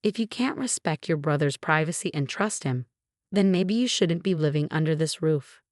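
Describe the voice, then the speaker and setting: A woman's voice: deep voice, animated, normal speed, no echo, studio quality. A woman reading the lines of a tearful, protective middle-aged mother who pleads and reproaches, in a story narration. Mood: reproachful.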